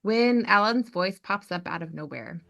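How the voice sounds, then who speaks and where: A woman hosting a podcast, recapping a TV episode as an animated storyteller. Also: mid-range voice, moderate pace, vocal fry, muffled recording. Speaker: podcast host.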